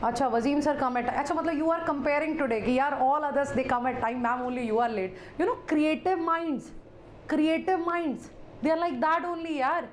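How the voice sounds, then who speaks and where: High-voiced Indian woman teacher, playful and theatrical, chatting in Hindi-laced English during a live class. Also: racing, a little hiss or hum.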